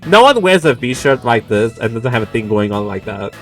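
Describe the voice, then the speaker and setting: A man's voice: mid-range voice, big pitch swings, moderate pace, faint music behind. A young man, a streamer, playfully joking and laughing through a game playthrough.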